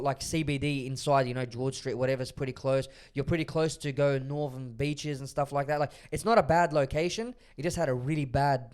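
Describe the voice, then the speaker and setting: A man's voice: a little high, darkish tone, smooth. A young Australian man chatting casually on a podcast, telling easygoing stories full of "bro" and "like". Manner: easygoing storyteller, peppers talk with "bro" and "like". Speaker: podcast co-host. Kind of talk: casual chat.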